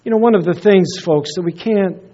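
Man, pastor, sermon, earnest, hushed drops, high voice, muffled lo-fi sound. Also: fairly quick. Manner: earnest, often dropping to a hushed, soft voice. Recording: dull lo-fi recording.

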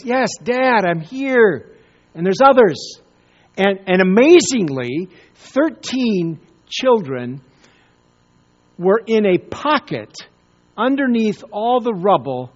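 A man preaching a sermon, telling a story with pauses and repeated words. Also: high-pitched, lo-fi sound. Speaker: pastor.

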